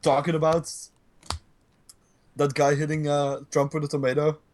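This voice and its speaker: A man's voice: fairly high pitch, flat delivery, normal speed, darkish tone, slight background noise. Profane, rambling man ranting casually. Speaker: podcast co-host. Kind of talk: casual chat.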